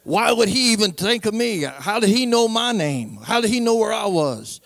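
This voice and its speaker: Gravelly dude preaching his testimony, kinda high voice, repeats himself a lot, acts out the old conversations. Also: very animated, moderate pace, fairly bright tone, dry recording.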